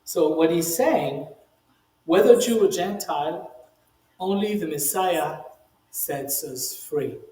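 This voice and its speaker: A man's voice: fairly high pitch, animated, slow pace, dark tone, slight background noise. A man, a rabbi, giving a conversational Bible teaching, emphatic and lifting his voice when he reads quoted speech, with frequent "you know" asides. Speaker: rabbi teaching the weekly Torah portion. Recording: roomy echo.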